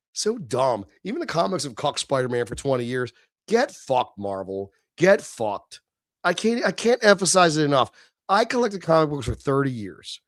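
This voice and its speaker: A man's voice: on the high side, no room sound, clean studio sound. A middle-aged man hosting a livestream, venting in a heated, profane, sneering rant. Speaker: livestream host. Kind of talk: ranting livestream monologue.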